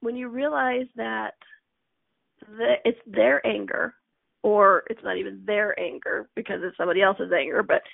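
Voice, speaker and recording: A woman's voice: medium pitch, gravelly, no room sound. Chatty woman on a tinny line. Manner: chatty, laughs often, acts out inner voices. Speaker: host. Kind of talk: casual self-help talk. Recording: tinny phone-like audio.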